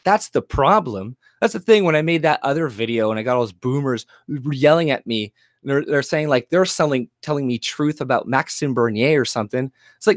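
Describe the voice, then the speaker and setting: Canadian guy angry ranting, swearing nonstop, mid pitch voice, dry close sound. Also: animated, a little fast, no echo. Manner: heated, profane, swearing constantly; mocks others in put-on voices. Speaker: YouTuber. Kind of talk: angry political rant.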